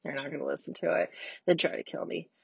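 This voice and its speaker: A woman's voice: lowish voice, fairly even intonation, fast, vocal fry, husky, no echo, lo-fi sound. An American woman in her forties, hosting her podcast from a parked car, ranting bluntly and sarcastically with plenty of swearing. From United States. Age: 40s. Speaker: podcast host. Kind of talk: casual solo rant.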